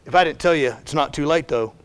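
A middle-aged male pastor with a notably high voice delivers a heartfelt sermon. He speaks personally and emphatically, dropping to near-whispers before rising to forceful emphasis. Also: quick pace, clear, resonant tone. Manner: emphatic, personal, swings between hushed and shouted.

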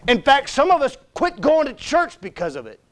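A middle-aged pastor with a strikingly high voice gives a heartfelt sermon at a moderate pace. His delivery is personal and emphatic, with huge pitch swings as he sinks to near-whispers and then climbs to forceful, almost shouted emphasis.

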